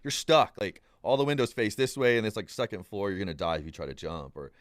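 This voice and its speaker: Animated man telling a wild story. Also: fairly low pitch, fast, dry recording, studio quality. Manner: animated, heavy use of "like", acts out dialogue with laughs. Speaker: podcast guest. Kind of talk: casual storytelling. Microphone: studio podcast mic.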